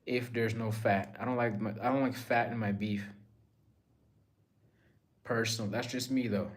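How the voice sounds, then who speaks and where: A man's voice: lowish voice, steady tone, normal speed. A young man casually chatting on a livestream, reading viewer messages aloud and musing in a laid-back way.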